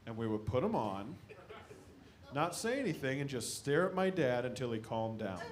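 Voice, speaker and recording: A stand-up comedian man from the American Midwest, telling animated stories about his family on a club stage. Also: medium pitch, moderate pace, a crowd in the background. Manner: animated storytelling, shouting impressions of his dad.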